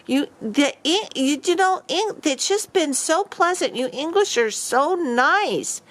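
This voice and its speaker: A woman's voice: high voice, expressive, takes it slowly, pitched above the performer's own voice. A woman putting on the voice of her charming brother, gushing and effusive.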